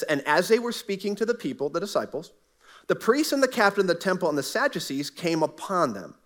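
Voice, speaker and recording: A middle-aged male pastor preaching in a church, slipping into a personal story with an earnest, conversational manner. His voice sits a little higher than most men's. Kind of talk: sermon. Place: church sanctuary.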